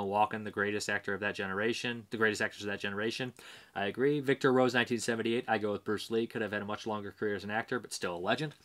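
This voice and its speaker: Low-voiced man rambling on a vlog. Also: bright, forceful tone. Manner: rambling, hesitant, many fillers. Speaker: movie reviewer host. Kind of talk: casual vlog talk, reading viewer answers.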